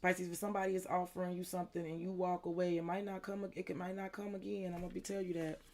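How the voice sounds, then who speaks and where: A woman's voice: fairly low pitch, level tone, quick pace, darkish tone, slight background noise. A woman doing a live tarot reading, speaking emphatically and repetitively straight to her viewers, with frequent swearing, and greeting chat viewers by name. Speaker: tarot reader.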